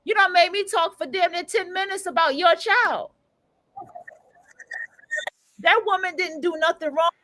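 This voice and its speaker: Blunt, profane woman with a high voice. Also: fairly quick, sharp tone, no room sound, low-quality recording. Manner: blunt, profane, emphatic ranting. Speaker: livestream radio host. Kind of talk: casual livestream commentary.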